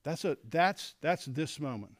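Animated middle-aged man teaching scripture. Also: a little high, unhurried, dry recording, clean studio sound. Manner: animated, acts out quoted lines. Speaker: men's leadership teacher. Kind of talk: Bible teaching talk to men.

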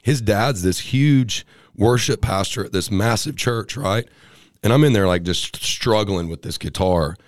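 A man's voice: lowish voice, a little slow, no room sound, clean studio sound. A young man casually telling stories, acting out the voices of people in his anecdotes. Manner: animated, acts out voices in anecdotes. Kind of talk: casual storytelling.

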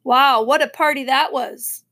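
A woman reading a children's novel aloud in a lively storybook manner. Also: sits high, a little slow. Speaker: reader.

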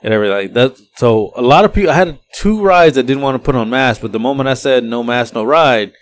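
Man, podcast host, rambling animated storyteller, laughs a lot. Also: medium pitch, quick pace. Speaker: podcast host and Uber driver.

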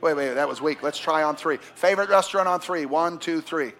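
A high, gravelly, bright-toned male pastor delivering a sermon. He rises to shouts and drops to near-whispers, and he keeps calling on the crowd to answer him. Soft music plays under his voice. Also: a little fast. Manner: swings from shouting to hushed, intimate delivery; calls for responses from the congregation.

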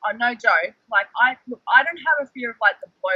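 A man, a guest telling animated stories in casual chat, heavy on the word "like". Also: very high voice, fairly quick, slightly rough, no room sound, lo-fi sound. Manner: excitable, animated storyteller, fillers like "like". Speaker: guest, former reality show contestant.

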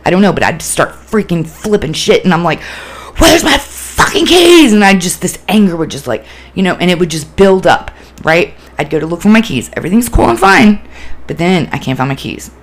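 A woman's voice: on the low side, a little fast. A woman hosting a casual solo podcast, talking candidly and with plenty of swearing, rambling through fillers and restarts. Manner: candid, profane, animated storytelling. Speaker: podcast host.

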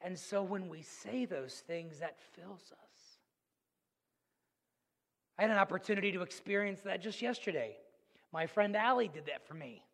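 A man preaching a sermon as pastor, earnest and storytelling, swinging between loud and hushed. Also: sits high, creaky, big-room sound.

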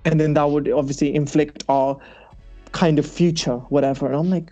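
A man's voice: a little high, level tone, moderate pace, dark tone, muffled recording, soft background music. A young man hosting a podcast, casually telling a personal story with lots of animation and laughter. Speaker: podcast host. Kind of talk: casual chat.

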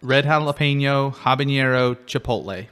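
A man's voice: mid-range voice, normal speed, a bit bright, clean tone. A man co-hosting a casual hot sauce tasting, chatting in an easygoing, playful way. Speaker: co-host. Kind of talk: casual chat.

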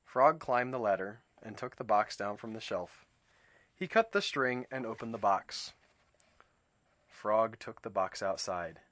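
Forceful, dry-voiced man reading aloud. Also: fairly low pitch, a little slow, no room sound. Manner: thoughtful, explanatory, with small restarts. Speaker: host reading and discussing a children's book. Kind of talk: reflective commentary and read-aloud.

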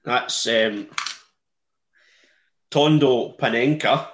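A man's voice: medium pitch, very slow, a bit bright, slight background noise. A man in casual podcast chat, rambling through a travel story with many ums. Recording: roomy echo.

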